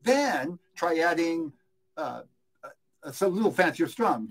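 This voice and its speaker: A man teaching guitar in a live question-and-answer lesson, relaxed and rambling, often correcting himself and counting beats aloud. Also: a little high, takes it slowly. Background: his own guitar playing.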